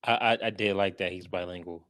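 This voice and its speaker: A man's voice: sits low, fairly even intonation, brisk, fairly bright tone, dry recording, studio quality. A man, co-hosting a casual movie podcast in a laid-back, teasing manner. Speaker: podcast co-host. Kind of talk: casual movie review chat.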